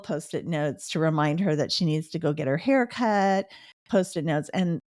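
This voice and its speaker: A woman's voice: deep voice, a little mellow, dry recording, studio quality. A middle-aged woman hosting a podcast, giving advice and telling personal stories earnestly. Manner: earnest storytelling, with the odd laugh. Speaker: podcast host.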